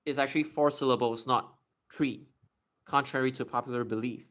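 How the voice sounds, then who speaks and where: A young man streaming live, casually answering viewer questions in a chatty, explanatory way and slowly stretching out words to demonstrate them. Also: mid-range voice, steady tone, fairly bright tone.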